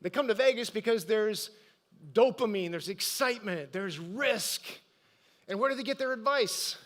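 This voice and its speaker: A man's voice: high voice, moderate pace, a bit bright. A middle-aged man giving a live motivational talk to an audience, telling personal stories and asking the crowd questions. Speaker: motivational speaker. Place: event stage.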